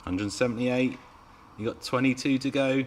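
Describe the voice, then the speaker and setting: He's a man of medium pitch with fairly even intonation and a moderate pace, and there's a little hiss or hum. As an RC car channel host on a live Q&A stream, he chats with viewers, reads their comments, and teases them playfully.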